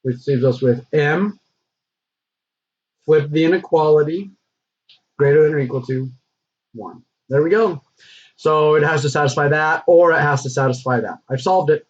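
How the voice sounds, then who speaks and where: A man teaching a recorded math lesson, talking through the steps in a relaxed, conversational way with frequent fillers. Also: fairly high pitch, unhurried, pauses often, slightly rough. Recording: dull lo-fi recording.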